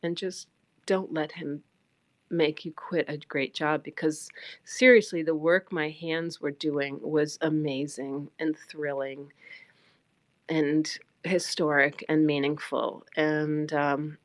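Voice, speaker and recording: Blunt low-voiced New woman. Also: slow, no room sound. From New York. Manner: blunt, animated, emphatic storytelling. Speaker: livestreamer. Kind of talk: casual personal storytelling.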